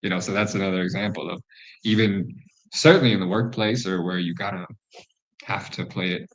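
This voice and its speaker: Casual, candid male podcast host with a lower voice who swears freely. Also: fairly quick, poor audio.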